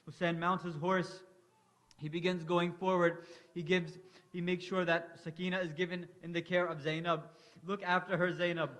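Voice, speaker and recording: A man's voice: sits high, level tone, normal speed, fairly bright tone. A man reciting a mournful religious lament, impassioned, rising into anguished cries.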